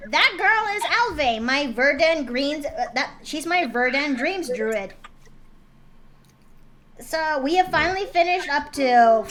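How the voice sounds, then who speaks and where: A woman's voice: sits high, a bit bright. A woman streamer chatting casually and giggling as she draws on stream. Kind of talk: casual chat while drawing.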